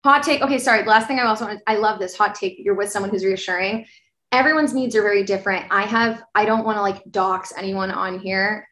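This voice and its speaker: A woman's voice: medium pitch, fairly quick, fairly bright tone. A young woman in her twenties, a podcast co-host, chatting casually over a video call in a rambling, apologetic way, full of fillers. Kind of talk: casual chat. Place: apartment bedroom, from the US. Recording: echoey room.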